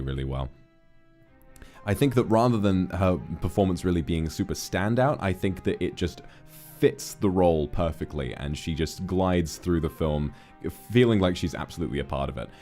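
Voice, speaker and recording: A deep-voiced man talking through a film review on a livestream. He rambles with animated swings of energy, stopping to correct himself and restart his sentences. Soft music plays faintly underneath. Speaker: streamer host.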